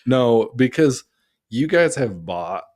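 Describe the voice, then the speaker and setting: A man's voice: medium pitch, big pitch swings, takes it slowly, a little mellow. A man co-hosting a podcast in casual chat, laid-back and jokey. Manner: laid-back, jokey, quotes others in put-on voices. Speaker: podcast co-host. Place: small home studio room.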